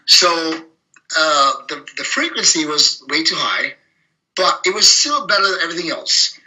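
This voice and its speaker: Blunt, forceful man. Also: on the high side, moderate pace, poor audio. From Germany. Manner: blunt, profane, animated anecdotes with frequent laughs. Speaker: interview guest, bodybuilder. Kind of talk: casual interview storytelling.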